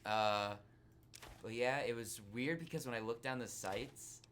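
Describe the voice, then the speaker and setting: A man's voice: mid-range voice, unhurried, a bit bright, smooth. A young man chatting casually on a game stream, hesitant and full of fillers. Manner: hesitant, filler-heavy, evasive. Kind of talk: casual chat while gaming.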